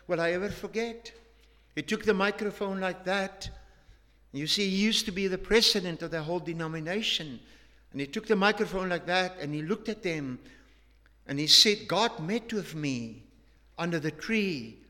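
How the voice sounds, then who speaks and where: Earnest preacher in a reverberant hall. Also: male voice, high-pitched. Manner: earnest, emphatic, with frequent restarts and hushed drops. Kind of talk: sermon with storytelling.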